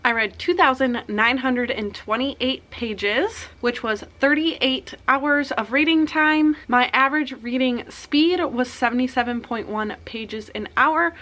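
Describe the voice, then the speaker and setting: A young woman with a slightly high voice, chatting casually on her channel. She talks in an upbeat, quick way, with a slightly tired early-morning voice. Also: bright, forceful tone. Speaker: book vlogger. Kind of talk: casual chat.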